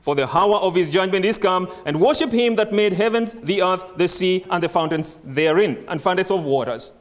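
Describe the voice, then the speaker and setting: A man with a high voice preaches a sermon in English, which is not his first language. He reads scripture slowly and leans hard on single words. He often asks the congregation questions and then answers them himself. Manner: slow, emphatic reading of scripture, stressing single words.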